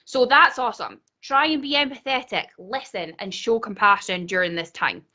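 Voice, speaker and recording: A woman's voice: medium pitch, moderate pace, sharp tone. A Scottish woman speaking on a video call in a casual panel chat, earnest and chatty, laughing often. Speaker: conference speaker.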